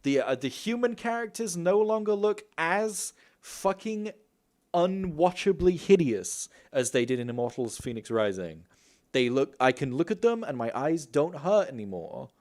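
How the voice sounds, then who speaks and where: A young man hosting a gaming news livestream, talking quickly and casually, swearing and laughing often. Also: a little high, very animated, darkish tone. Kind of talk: casual live-stream chat.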